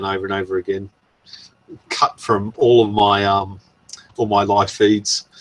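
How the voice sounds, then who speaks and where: A man's voice: on the low side, fairly bright tone. A man hosting a casual live stream, rambling and chuckling as he goes through viewer comments. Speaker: channel host.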